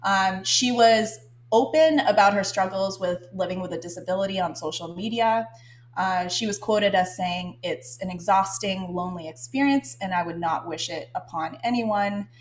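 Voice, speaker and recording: A woman's voice: mid-range voice, normal speed, slight background noise. A young woman telling a story in a casual podcast chat, rambling with many ums and now and then breaking into giggles. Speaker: guest co-host.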